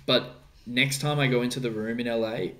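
A man's voice: mid-range voice, fairly even intonation, brisk, a bit bright. An Australian man, a guest actor in a casual interview, talking animatedly and repeating words for emphasis.

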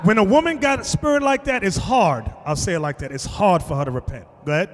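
A bishop teaching a class preaches his lesson in a fast, high-pitched voice, emphatic and confrontational, often raising it. The classroom sits in a large hall, and long reverb trails his words.

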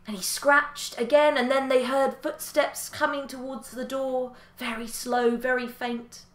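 A woman storyteller telling a folk tale in a lilting, expressive way. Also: high-pitched, unhurried, roomy sound, a little hiss or hum.

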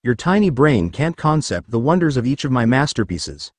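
Man reading as an older ninja sage mentor, stern but teasing, lively pitch, dry sound. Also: moderate pace, dry recording. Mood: lecturing. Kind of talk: fan fiction read aloud.

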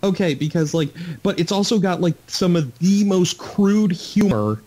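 A man's voice: high voice, expressive, moderate pace, darkish tone. A man co-hosting a podcast in loose, rambling casual chat, full of asides. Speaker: podcast co-host.

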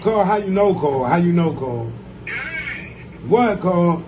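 A man's voice: high-pitched, animated, normal speed, noisy background. A man ribbing a friend on a phone call in a teasing, mock-threatening way. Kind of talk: comedic phone banter.

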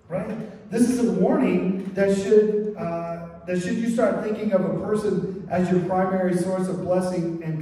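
High-voiced pastor preaching in an echoey hall. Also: male voice, mellow. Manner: conversational, frequent "right?" asides. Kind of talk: sermon. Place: church sanctuary. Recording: echoey church hall from far off.

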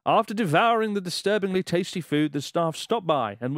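A man's voice: high-pitched, expressive, a little fast, few pauses, no echo, clean studio sound. A man co-hosting a podcast, reading a listener's letter aloud in a casual way, laughing and swearing in disbelief as he goes. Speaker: podcast co-host.

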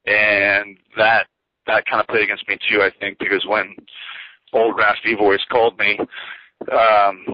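A man with a low voice tells his career story in a loose, rambling way, padding it with fillers and asides. The audio is dull and lo-fi, and it sounds dry with no room around it. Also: flat delivery, unhurried, no echo. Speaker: interview guest, former pro wrestler.

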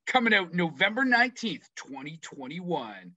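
Bright, slightly high male podcast co-host, playful and profane, dry close recording. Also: a little fast, no echo. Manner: animated, swearing, playful. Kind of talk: casual chat.

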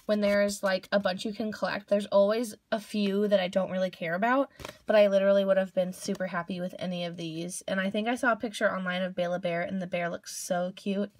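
A woman's voice: medium pitch, fairly even intonation, fairly quick. A young woman hosting a casual toy unboxing video, gushing over each cute toy with gasps and squeals.

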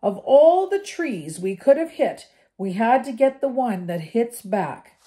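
An older woman voicing a panicky, gloomy young wizard boy with high, drawn-out exclamations. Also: very animated, mellow. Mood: miserable.

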